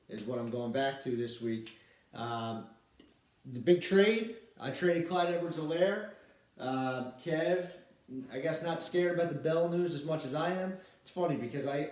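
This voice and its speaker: A man's voice: medium pitch, darkish tone. A man hosting a casual fantasy football podcast, talking in a rambling, upbeat way with lots of fillers. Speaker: podcast host, league commissioner. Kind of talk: casual solo podcast chat. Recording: very echoey room, mic at a distance.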